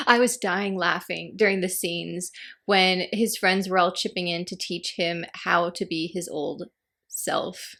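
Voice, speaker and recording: A woman giving a casual, animated spoken review of a TV episode, acting out the characters' lines as she retells scenes. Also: on the low side, slow, vocal fry.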